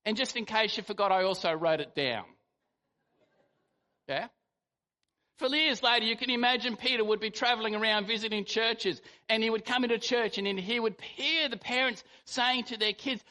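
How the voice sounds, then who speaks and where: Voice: medium pitch, moderate pace, bright, forceful tone. A preacher giving a sermon, telling the story animatedly and acting out quotes. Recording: long hall reverb.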